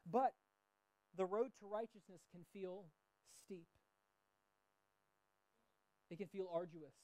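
A man's voice: sits high, takes it slowly, dark tone, dry recording, rough recording. A middle-aged man preaching a sermon in a conversational way, mixing scripture with personal stories. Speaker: pastor.

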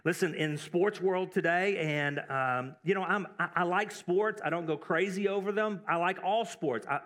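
High-pitched texas-raised pastor, chatty sermon, lots of asides and repeats. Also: male voice, moderate pace, a bit bright. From Texas, United States. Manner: conversational, with asides and repeated words for emphasis.

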